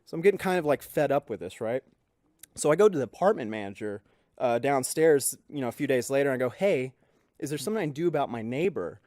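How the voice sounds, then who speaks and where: A man's voice: medium pitch, lively intonation, fast, a little mellow, dry recording, studio quality. A man co-hosting a podcast, telling a story casually and acting out the people he quotes. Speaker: podcast co-host. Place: podcast studio.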